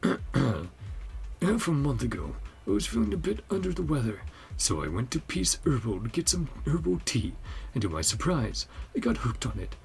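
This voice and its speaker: A man's voice: mid-range voice, huge pitch swings, normal speed, gravelly. A man voicing an adult customer worried about too much herbal tea, read in a chatty, plain way.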